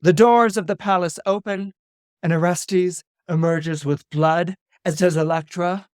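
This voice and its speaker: A man, an astrologer guest on a podcast, retelling a Greek myth in a lively, dramatic way with casual asides. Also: sits high, no room sound, studio quality. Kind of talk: animated myth storytelling on a podcast.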